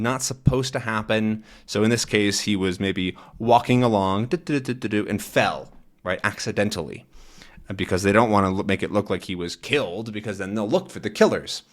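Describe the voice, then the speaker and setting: A man teaching English by reading a comic aloud and explaining it in a relaxed, chatty way with frequent fillers. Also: on the low side, moderate pace.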